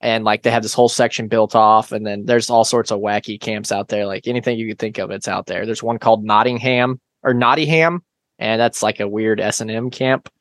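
A man's voice: fairly low pitch, fairly even intonation, fairly quick, fairly bright tone, dry recording. A man chatting as a returning guest on a podcast, telling stories with dry, teasing humor. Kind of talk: casual podcast chat.

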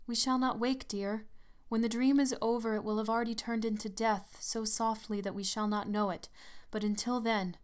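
A timid young woman, nervous and fearful, her voice climbing high and pleading, as a woman reads her part. The tone is smooth and clear, like a storybook read aloud. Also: little pitch movement, normal speed, few pauses, lightly acted.

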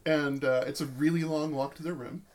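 A man narrating a tabletop role-playing game as game master, laid-back and deadpan. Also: on the high side, normal speed.

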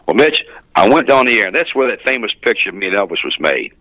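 An older man tells radio-career stories in a folksy interview manner. His voice is fairly low yet bright and forward, and he clears his throat now and then. The recording is dry and close. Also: big pitch swings, fast, no echo, rough recording. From Memphis, USA. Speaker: guest, radio DJ. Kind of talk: casual storytelling interview.

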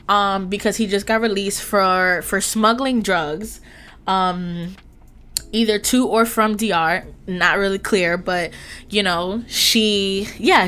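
A young woman in her twenties telling a date story in a casual, animated, profane way with laughing asides. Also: medium pitch. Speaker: podcast host.

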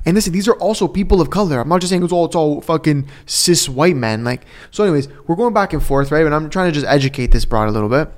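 A man's voice: fairly high pitch, fast, hardly any pauses. A man chatting casually as a podcast co-host, telling a story animatedly, swearing often and acting out what others said. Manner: animated storyteller, swears a lot, acts out quotes. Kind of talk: casual chat.

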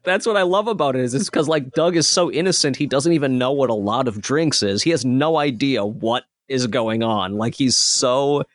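A man's voice: mid-range voice, moderate pace, hardly any pauses, no room sound. A man talking about his own horror film in a casual interview, earnest and rambling, often restarting his sentences.

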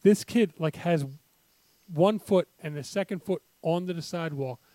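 A high-voiced man talks sports on a podcast, animated and profane, often acting out people in loud bursts. The sound is dry and close, with no room around him. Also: moderate pace, no room sound. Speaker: podcast co-host. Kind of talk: casual sports chat.

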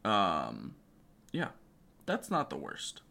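A man's voice: deep voice, huge pitch swings, extremely slow, creaky, bright, forceful tone. A man who is a guest co-host on a podcast, chatting casually in a laid-back way with fillers.

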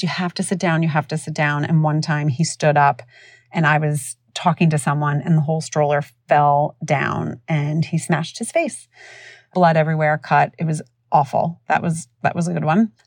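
Low-voiced woman telling a podcast story. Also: dry recording, studio quality. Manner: animated, acts out voices of others. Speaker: podcast host. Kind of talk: casual storytelling.

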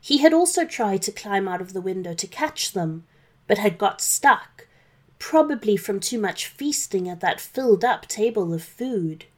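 A woman narrating a children's story in a gentle, expressive read-aloud manner. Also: medium pitch, a little slow.

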